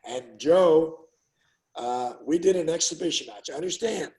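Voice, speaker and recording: A former fighter, now older, recounts stories unhurriedly in a casual interview, his voice fairly high and the audio poor. Lively in his telling, he voices others' quotes out loud and forcefully.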